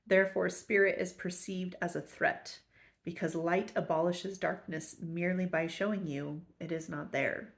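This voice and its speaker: A woman reading a spiritual text aloud and explaining it, earnest, slowing to repeat the key lines. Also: lowish voice, steady tone, gravelly. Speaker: spiritual study teacher.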